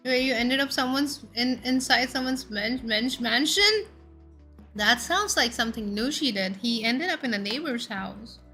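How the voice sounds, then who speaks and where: A woman's voice: fairly high pitch, a little slow, pushed and bright, faint music behind. A young woman streaming, chatting casually and playfully with her chat and stumbling over tongue-twisters.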